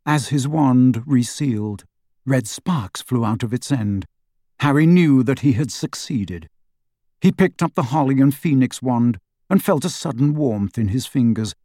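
A man narrating an audiobook in a steady, even storytelling manner on a close microphone. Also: medium pitch, unhurried, dry recording. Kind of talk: scripted narration.

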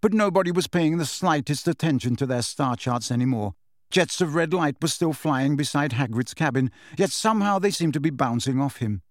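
A man narrating a storybook in a measured, expressive reading, his voice a little higher than most men's. The sound is dry and close, with no room echo. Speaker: audiobook narrator. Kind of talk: scripted narration.

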